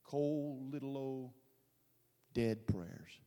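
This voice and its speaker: Speaking extremely slowly at medium pitch, a male pastor delivers a dramatic, fervent sermon in a large church hall. He shifts from booming to hushed and makes homespun remarks to the congregation, with long church reverb on the recording.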